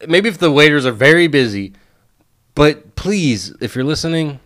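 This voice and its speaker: A man's voice: a little high, lively intonation, moderate pace, fairly bright tone. A man co-hosting a podcast, chatting casually about a show with dry joking asides. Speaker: podcast co-host. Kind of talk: casual chat recapping a show.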